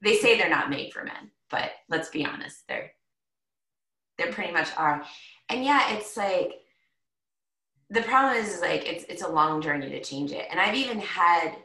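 A woman hosting a podcast interview who talks in a chatty, animated way and fills her speech with "like.". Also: low-pitched, creaky, recorded from a distance. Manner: chatty, animated storyteller with frequent "like". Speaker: podcast host. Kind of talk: casual conversational interview. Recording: roomy echo, set back from the mic.

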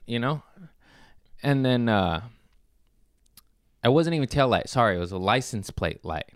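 A man's voice: medium pitch, expressive, measured pace, pauses often, no echo, studio quality. Profane, loose-talking man in his thirties. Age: 30s. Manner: loose and profane, laughing, rambling with restarts. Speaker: podcast host. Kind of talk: casual storytelling chat. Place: Los Angeles.

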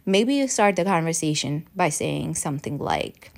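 A woman's voice: low voice, lively intonation, normal speed, gravelly, hardly any pauses, darkish tone. A woman talking straight to her viewers and coaching them through advice tips, now and then acting out sample lines. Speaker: advice presenter. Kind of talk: direct-to-camera advice talk.

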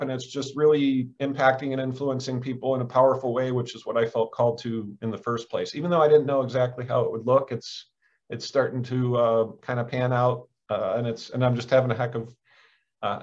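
A middle-aged man from Michigan, a leadership coach speaking as a podcast guest, earnest and upbeat, with many fillers and restarts. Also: medium pitch. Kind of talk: casual interview chat. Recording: dull lo-fi sound.

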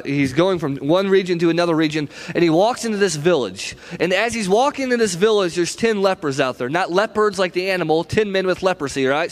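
A man preaching a sermon in a conversational, storytelling way, often checking in with "right?". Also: high-pitched.

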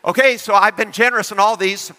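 A man preaching a sermon, lively and animated, often putting questions to his congregation. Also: sits high, quick pace, long reverb tail. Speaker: pastor.

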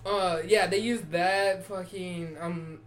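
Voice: mid-range voice, fairly even intonation, takes it slowly. A young adult co-hosting a casual chat, telling stories with energy, swearing often and laughing a lot. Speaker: podcast co-host.

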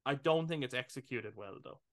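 Bright-voiced man, casual podcast chat. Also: mid-range voice, fairly quick, dry recording, clean studio sound. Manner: acts out his own thoughts, swears, laughs. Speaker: podcast co-host.

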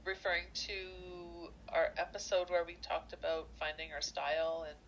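A woman co-hosting a casual podcast, her voice a little lower than most. She laughs easily and fires off quick, teasing questions, with faint noise in the background. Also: steady tone, highs cut off. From Canada. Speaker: podcast co-host. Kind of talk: casual chat.

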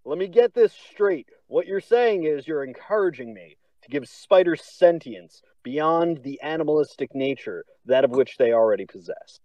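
Man, wisecracking podcast co-host, lively voice, dull lo-fi sound, crude humor. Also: on the high side, moderate pace, few pauses, dry recording, distant mic. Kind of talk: casual chat.

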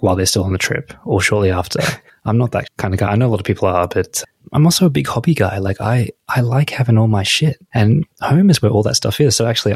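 A man's voice: on the low side, darkish tone, breathy edge, no echo. A man, co-hosting a podcast in casual chat, nasal from a cold and laughing often. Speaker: podcast co-host.

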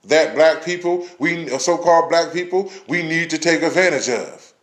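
A man's voice: fairly high pitch, moderate pace. Heated, profane man in an echoey room. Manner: blunt, passionate, profanity-laden. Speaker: vlogger ranting on camera.

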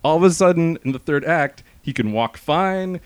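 A man's voice: on the high side, normal speed, clear, resonant tone, no echo. Guy on a podcast retelling a movie, laughing a lot, dead dry sound. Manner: animated storyteller, laughs often. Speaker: podcast co-host. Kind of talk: casual movie-review chat.

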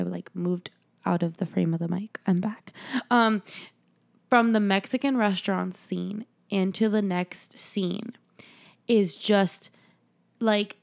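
A woman with a gravelly, medium-pitched voice co-hosts a casual movie review podcast. She retells scenes using playful quoted voices and swears a bit.

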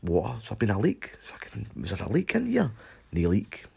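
A young man with a Scottish accent recounts a story in loose, profanity-laden chat. His voice sits low with a husky, slightly breathy edge. He talks to the camera like he's telling mates down the pub. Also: fairly quick. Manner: swears constantly, animated retelling with shouted quotes. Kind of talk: casual anecdote to camera.

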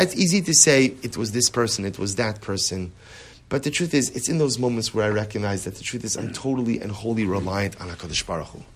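Male rabbi lecturing a class; slightly husky, lively and conversational, keeps asking "right?". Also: fairly low pitch. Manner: animated, rhetorical, repeats "right?" often.

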